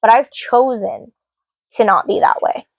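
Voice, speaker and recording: A woman co-hosting an unscripted couple's podcast, telling stories in a lively, frank and self-reflective way. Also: fairly high pitch, measured pace, creaky, dry recording. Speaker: podcast co-host.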